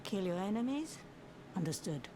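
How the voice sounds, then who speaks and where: A woman's voice: mid-range voice, sing-song, normal speed, warm tone, lightly acted. A woman voicing a stern, obedient female warrior unit in a game, with a clipped, accented delivery. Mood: clipped, dutiful. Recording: game audio with noise.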